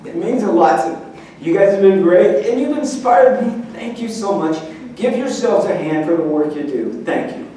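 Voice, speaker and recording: A middle-aged man giving a motivational speech, telling a story in an animated, earnest way to a meeting. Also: high voice, moderate pace, background noise. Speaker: keynote speaker. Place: large meeting hall. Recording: echoey hall from far off.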